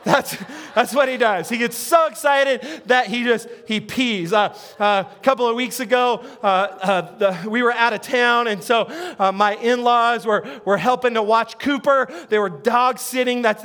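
A man's voice: very high voice, moderate pace, fairly bright tone, clear, resonant tone. A male pastor preaching a sermon in a playful, chatty way, keeps checking in with the audience and restarting his words. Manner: repeats words and restarts often.

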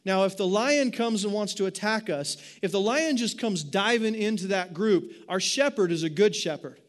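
A man preaching a sermon in an animated way, asking his listeners rhetorical questions. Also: sits high, normal speed. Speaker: pastor.

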